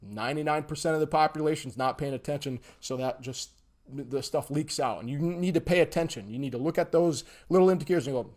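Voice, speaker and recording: A man's voice: fairly high pitch, fast. Emphatic man teaching on a livestream. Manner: emphatic, keeps checking in with "okay?" and "all right?"; animated, acts out examples. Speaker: instructor. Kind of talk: livestream lesson.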